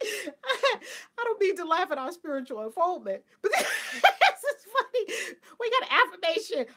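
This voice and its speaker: A woman hosting a casual spiritual talk for her viewers, animated and playful, laughing often and mimicking people. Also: very high voice, a little slow. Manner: mimics people in a flat, dutiful voice. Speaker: spiritual livestream host.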